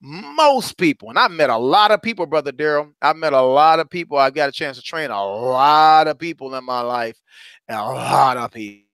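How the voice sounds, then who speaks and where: A man's voice: mid-range voice, lively intonation, normal speed, a bit bright, smooth, no room sound. A man, hosting a motivational talk as a courage coach, calling listeners brothers and sisters and repeating phrases for emphasis.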